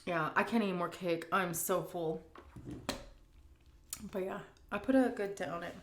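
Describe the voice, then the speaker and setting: A middle-aged woman food vlogger telling a story and answering questions in a chatty, animated way full of fillers. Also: lowish voice, unhurried, slight background noise. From United States. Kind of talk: casual storytelling and Q&A.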